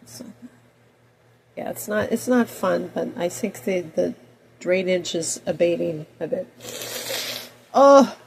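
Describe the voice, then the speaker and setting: A woman in her fifties with a cold, talking in a rambling personal monologue that swings between loud outbursts and soft mutters. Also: on the low side, slow, creaky, long pauses, noisy background. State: has a cold. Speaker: video blogger.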